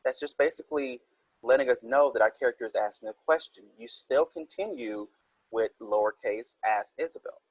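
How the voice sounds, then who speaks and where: Husky-voiced man teaching a writing lesson. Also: mid-range voice, normal speed, no echo, highs cut off. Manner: explains step by step, reads example sentences aloud. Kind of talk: recorded writing minilesson.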